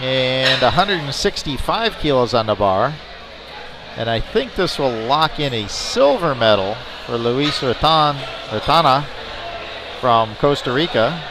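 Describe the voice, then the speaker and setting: A man's voice: mid-range voice, big pitch swings, measured pace. A man announcing lifts at a powerlifting meet, with chatty, joking asides between attempts. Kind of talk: live powerlifting commentary. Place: indoor competition venue. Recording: noisy arena ambience.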